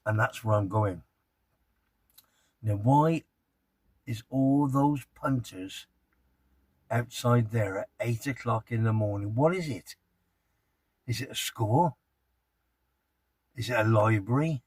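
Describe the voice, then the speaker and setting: A man's voice: medium pitch, slow, long pauses, a little mellow, husky, dry recording. An older English man from Gloucestershire, rambling cheekily through a casual vlog, filmed on a handheld phone outdoors. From Gloucestershire, England. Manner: chatty, cheeky, self-promoting. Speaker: vlogger. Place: outdoors on town streets. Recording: noisy outdoor phone audio. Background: traffic and street noise.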